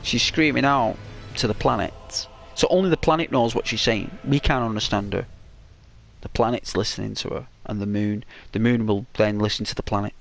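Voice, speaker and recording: A sleepy man giving rambling, musing commentary over a relaxed gameplay video. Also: lowish voice, moderate pace, gravelly, faint music behind. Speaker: channel host.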